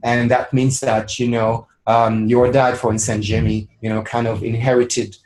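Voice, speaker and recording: A man in a relaxed, reflective webinar conversation about personal growth. His voice sits in an ordinary middle range. He circles back on his phrases, with plenty of "you know" fillers. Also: mid-range voice, normal speed, poor audio. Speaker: webinar co-host. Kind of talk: casual spiritual discussion.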